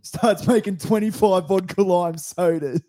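A man's voice: sits high, unhurried, warm tone. A young Australian man telling a rambling, sweary story as a casual podcast co-host. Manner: rambling, swears freely, acts out quotes.

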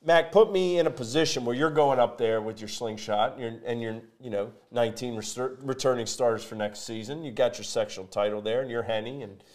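Energetic man hosting a sports talk show. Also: mid-range voice, fairly quick, few pauses. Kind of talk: sports talk and sponsor reads.

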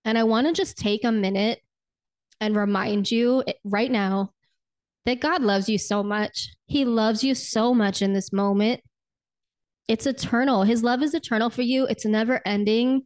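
A woman's voice: a little high, fairly even intonation, a little slow, darkish tone. Earnest woman leading a guided prayer. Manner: earnest, conversational, frequent "like" and "right?". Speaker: podcast host. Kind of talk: faith podcast talk with guided prayer.

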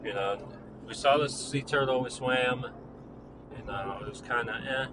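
A man's voice: medium pitch, measured pace, background noise. A young man casually retelling a personal story, rambling with lots of fillers and criticizing himself.

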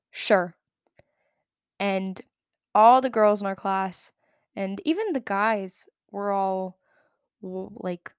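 A woman's voice: mid-range voice, no room sound. Chatty young woman podcaster, dry sound. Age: young adult. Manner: chatty storytelling full of "like" fillers. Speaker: podcast host. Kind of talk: casual solo podcast chat.

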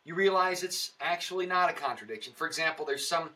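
A man chatting as an interview guest, earnest and a little long-winded, with a preacher's cadence. His voice is fairly high and very bright. He sounds slightly distant from the mic. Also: animated, fast. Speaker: comedian and actor, podcast guest. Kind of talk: casual interview chat.

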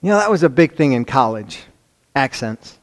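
Chicago-accented preacher swinging loud to hushed. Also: male voice, mid-range voice, sing-song, moderate pace. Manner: dramatic swings between loud emphasis and hushed near-whispers; conversational asides, rhetorical questions. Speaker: pastor. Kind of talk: sermon.

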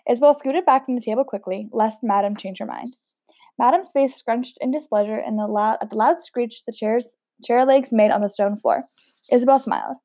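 A woman's voice: on the high side, moderate pace, dark tone, no echo, studio quality. A woman reading a novel aloud in a casual way, stumbling over words now and then and chatting between passages. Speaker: audiobook reader.

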